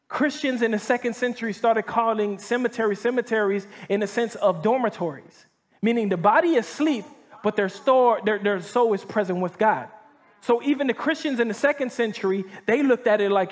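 High-voiced pastor preaching casually. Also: male voice. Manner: casual slangy preaching, frequent "right?" checks and restarts. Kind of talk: sermon to a live audience. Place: church hall before a live audience.

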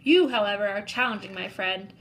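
A woman voicing a friendly male monster, loud and cheery in manner. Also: medium pitch, fairly quick, vocal fry.

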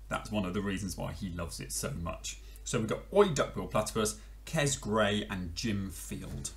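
A middle-aged man, a head teacher chatting cheerfully before reading a picture book to children. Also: fairly low pitch.

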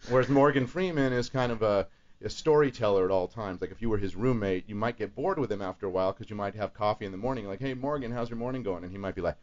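Man, low voice, voice actor guest, teaching tone, dull lo-fi broadcast sound. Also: fast. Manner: explains voice impressions, demonstrates them. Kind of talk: radio talk show chat.

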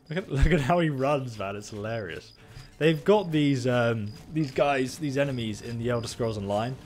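A young man giving joking, excitable commentary on a live stream, swearing and laughing. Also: medium pitch, a little hiss or hum. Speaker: gaming streamer.

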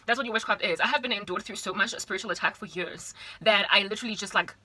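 A young woman from South Africa talking to camera in a casual vlog monologue, animated and chatty with slangy asides, recorded in a small room at home. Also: medium pitch, fast, slightly rough, no echo, rough recording. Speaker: vlogger.

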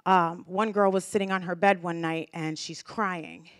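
A young woman speaks to a community audience, grateful and emotional, often restarting her phrases. Her voice sits a little low for a woman and sounds dry and close. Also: steady tone, a little slow, no echo. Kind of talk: heartfelt speech to an audience. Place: community event hall.

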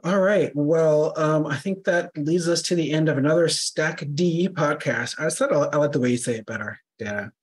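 Husky-voiced male podcast co-host. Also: fairly high pitch. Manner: loose, halting delivery with repeated words. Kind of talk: casual podcast chat.

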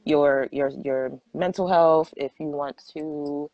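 A woman's voice: low voice, steady tone, slow, a little mellow, dry recording, dull audio. A woman, chatting and laughing as co-host of a live podcast. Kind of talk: casual chat on a live stream.

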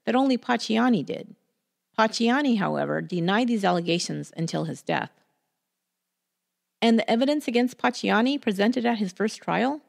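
Woman, podcast host, scripted true crime narration, steady and deliberate, gravelly texture. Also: medium pitch. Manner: measured, deliberate storytelling.

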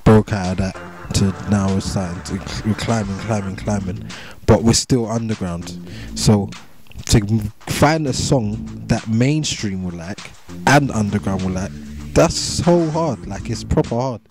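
In a casual interview with music under his voice, a young English man who raps talks a little slowly at a fairly low pitch. His London street accent is thick with slang, and he repeats himself in a relaxed manner.

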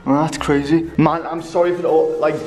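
A man's voice: a little high, flat delivery, fairly quick, a little mellow. A young man hosting an exploring vlog, joking playfully with mock-serious asides as he films in a bunker tunnel. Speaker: urban explorer host. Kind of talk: casual vlog chat. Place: underground wartime bunker tunnel. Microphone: camera held close. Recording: echoey tunnel with long reverb, faint music.

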